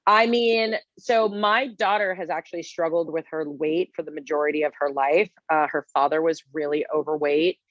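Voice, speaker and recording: With a low-sitting voice, moderate pace and few pauses, a woman in her forties appears as a guest chef in a casual interview. She tells stories animatedly, using many fillers, on a dry recording whose highs are cut off.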